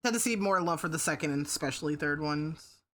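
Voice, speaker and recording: A woman's voice: deep voice, a little fast, fairly bright tone. A woman streamer chatting casually with her viewers, swearing freely and breaking into laughter. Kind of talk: casual live-stream chat.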